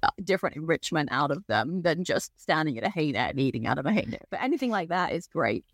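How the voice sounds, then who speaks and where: A woman's voice: low voice, very animated, fast, dry recording, clean studio sound. A woman with an accent, a guest expert on a podcast, explaining horse feeding in a conversational way with plenty of "you know"s. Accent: non-local accent. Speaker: equine nutrition guest expert.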